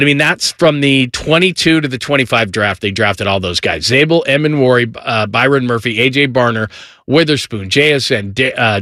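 A middle-aged man hosting a sports talk show, giving energetic casual commentary and rattling off lists of player names. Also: medium pitch, no room sound, clean studio sound.

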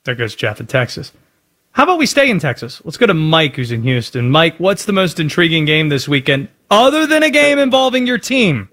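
A man's voice: on the high side, very animated, brisk, fairly bright tone. A man hosting a sports talk radio call-in show, bantering and teasing callers.

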